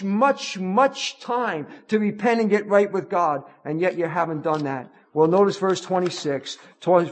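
A man preaching a sermon in an auditorium, earnest and pleading, often repeating and restarting his words. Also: high voice.

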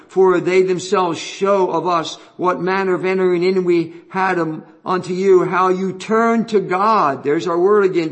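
A man preaching an expository sermon, reading scripture aloud slowly and pressing his points with earnest repetition. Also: high voice.

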